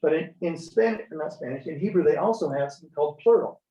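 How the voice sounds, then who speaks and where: A man's voice: a little high, expressive, fast talker. A man teaching a beginner language class, chatty and tossing "okay?" after each point, having students repeat after him. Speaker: Hebrew teacher. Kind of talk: classroom lecture. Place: church classroom. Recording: roomy, distant, dull lo-fi sound.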